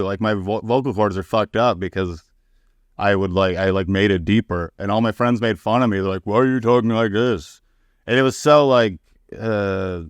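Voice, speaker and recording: A man with a low, smooth and resonant voice tells stories on a podcast as a comedian guest. He is candid and foul-mouthed and acts out the people in his anecdotes. The sound is dry and close. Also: no room sound. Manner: candid, profane, acting out quoted people. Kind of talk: casual podcast storytelling.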